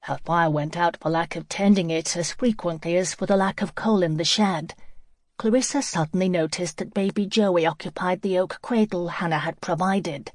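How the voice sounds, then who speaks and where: A woman narrating an audiobook in a calm, even storytelling manner, recorded on a close studio mic. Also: fairly low pitch, moderate pace, dry recording. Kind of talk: scripted narration.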